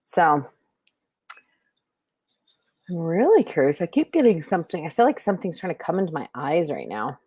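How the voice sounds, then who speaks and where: A woman's voice: low voice, very animated, normal speed, long pauses, a little mellow, husky, dry recording, clean studio sound. A middle-aged woman hosting a livestream, chatting casually with viewers and giving intuitive readings, rambling with many fillers and restarts.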